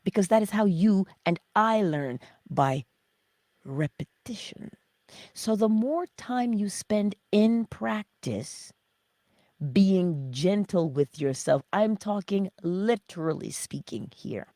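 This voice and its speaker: Gravelly-voiced woman, lively and whispery. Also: mid-range voice, no room sound, clean studio sound. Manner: slow, emphatic, often dropping to a breathy whisper; acts out her own self-talk in little voices. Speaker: livestream host. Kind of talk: motivational livestream talk.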